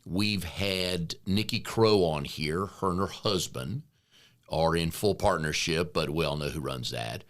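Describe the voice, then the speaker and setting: A man's voice: low-pitched, measured pace. A middle-aged man co-hosting a business coaching podcast in a chatty, joking way. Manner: joking, chatty, relaxed banter. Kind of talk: casual podcast chat.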